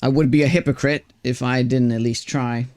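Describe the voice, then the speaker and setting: A man's voice: medium pitch, fairly even intonation, brisk, a little mellow. A Swedish-born man, a native Swedish speaker, streaming a game. He talks in casual, frank English with an American-sounding accent and often stammers and restarts his sentences. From Sweden. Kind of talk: casual live-stream chat while gaming.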